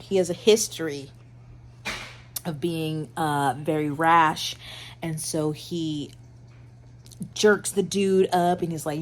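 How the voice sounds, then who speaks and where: Woman, low-pitched voice, casual book vlog, reads aloud and laughs a lot, faint background hiss. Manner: animated, laughs often, reads passages aloud. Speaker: book vlogger. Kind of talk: casual reading vlog chat. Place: in bed at home.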